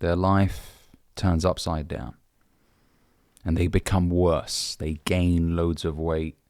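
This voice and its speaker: A man's voice: deep voice, flat delivery, slow, darkish tone, dry recording, studio quality. A young man from the UK, a dating coach, giving blunt, brotherly advice and swearing casually. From United Kingdom. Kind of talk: direct-to-camera advice talk.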